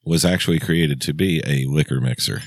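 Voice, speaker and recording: A man's voice: very deep voice, brisk, music in the background. A middle-aged man co-hosting a podcast, laid-back and wry, sharing trivia over drinks. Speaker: podcast co-host. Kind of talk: casual chat over drinks.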